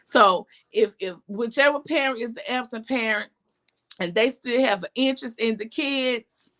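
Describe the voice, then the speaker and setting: A hoarse woman hosts a casual talk show, her morning voice gravelly and a touch high. She chats in an animated way, reads comments aloud and moves from announcements to viewer replies. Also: moderate pace. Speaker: podcast host.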